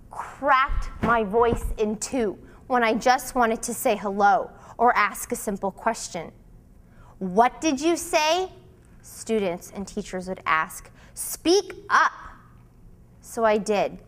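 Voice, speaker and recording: Woman, solo performer, dramatic literary reading; slow, weighty phrasing, fairly high pitch. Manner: slow, deliberate, emotionally charged delivery.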